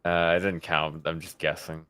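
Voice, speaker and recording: A man co-hosting a casual podcast chat, dropping in wry, quick remarks. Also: a bass voice, flat delivery, sharp tone, smooth, no room sound. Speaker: co-host.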